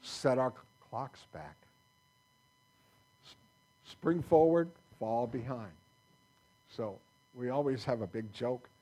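A man's voice: mid-range voice, slow, long pauses, a little mellow, poor audio. A man pastor preaching a sermon in a folksy, conversational way, quoting scripture to his congregation. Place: church sanctuary.

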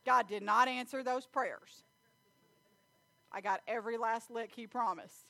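A woman's voice: on the high side, unhurried, creaky, pushed and bright, no echo. A woman preaching a folksy sermon, telling family stories and reading scripture. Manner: folksy storytelling with Bible reading, laughs often.

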